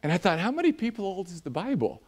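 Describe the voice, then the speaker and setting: A man preaching a sermon in a church, animated and jokey, acting out voices as he talks. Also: sits high, fast. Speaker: pastor.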